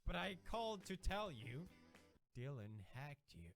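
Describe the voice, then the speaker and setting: A man's voice: a little high, sing-song, unhurried, fairly bright tone, faint music behind, pitched below the performer's own voice, heavily acted. A man voicing a perky young male friend calling on the phone, reading game dialogue aloud. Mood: eager.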